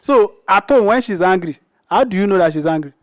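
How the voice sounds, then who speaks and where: A man's voice: high-pitched, animated, a little fast, no echo, highs cut off. A man hosting an interview, prompting his guests with short affirmations and questions. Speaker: interview host. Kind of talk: interview chat.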